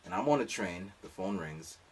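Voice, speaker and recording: A man's voice: sits low, expressive, moderate pace, recorded from a distance, a little hiss or hum. A man telling a rambling, comic story in a casual monologue, full of asides. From lives in Japan.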